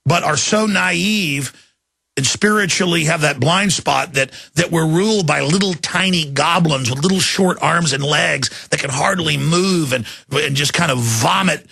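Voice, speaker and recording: Raspy gravelly radio host guy, mocking rant, tense bright edge, dry studio sound. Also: fairly high pitch, a little slow, no echo. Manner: mocking, mimics voices, laughs mid-rant. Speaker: radio talk show host. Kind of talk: ranting talk radio monologue.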